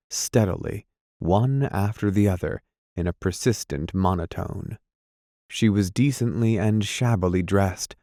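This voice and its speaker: A man narrating a classic novel in a measured, deliberate reading. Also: deep voice, warm tone, dry recording, studio quality. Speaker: audiobook narrator. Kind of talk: scripted narration.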